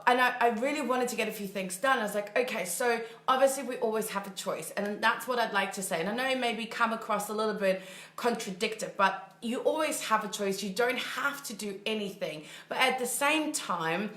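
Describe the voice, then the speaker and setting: Woman, mindset coach, casual livestream chatter, bright tone, roomy echo. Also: mid-range voice, fairly quick. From Germany. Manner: chatty, upbeat, thinks aloud and laughs often. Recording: echoey room.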